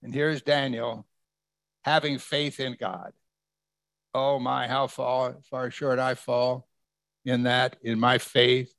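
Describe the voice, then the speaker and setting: Speaking slowly with long pauses, a male pastor uses a flat, fairly bright medium-pitched voice, recorded dry. His conversational sermon reads scripture verse by verse and invites the congregation's answers to his questions.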